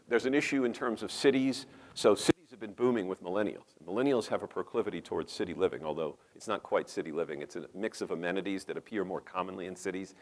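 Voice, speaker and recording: A middle-aged man with a New York accent lectures at a conference. His voice sits on the low side. He talks emphatically, wanders into asides and keeps firing rhetorical questions at the audience. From New York metropolitan area. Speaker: conference speaker. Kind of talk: lecture presentation. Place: conference hall.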